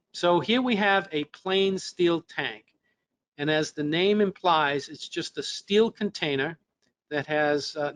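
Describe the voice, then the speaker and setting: Man, slightly higher voice, webinar instructor, patient explaining, somewhat worn voice. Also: a bit bright. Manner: explanatory, with fillers and restarts. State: losing his voice. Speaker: presenter. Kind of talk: technical webinar lesson.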